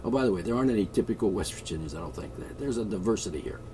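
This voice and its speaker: A man with a somewhat low voice rambles through a comic monologue, posing as a king issuing decrees. His talk meanders with jokes and asides. A faint background hum sits under the recording. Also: expressive, very fast, recorded from a distance. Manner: mock-royal, joking and meandering. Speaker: vlogger.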